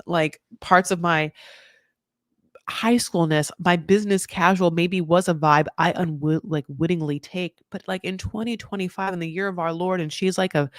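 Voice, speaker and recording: A woman hosting a casual show recap, talking in an animated, sarcastic, rambling way. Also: lowish voice, no echo, clean studio sound.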